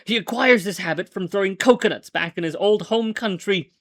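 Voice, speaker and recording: A man voicing an excited male bystander who urgently hushes a crowd. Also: high voice, brisk, no room sound, studio quality, voice pushed up.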